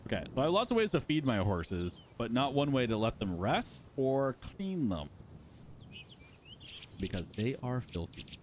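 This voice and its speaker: A chatty man streaming a game and talking to his viewers in a playful, easygoing way. His pitch swings widely, rising and falling all through his talk, at a medium height for a man. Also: sing-song, a little slow, a little hiss or hum. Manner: chatty, playful, talks to chat. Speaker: live-stream host. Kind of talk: casual gameplay commentary.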